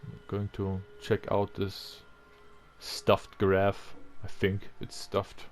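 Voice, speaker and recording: A man's voice: lowish voice, completely flat delivery, slow pace, soft background music. A young man giving casual commentary over a video game, rambling and thinking aloud, often trailing off and restarting. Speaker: let's-play commentator.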